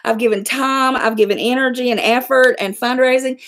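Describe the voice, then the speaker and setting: A woman's voice: a little high, fairly even intonation, normal speed, a bit bright. A middle-aged woman hosting a casual livestream, talking bluntly, swearing freely and laughing often. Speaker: livestream host.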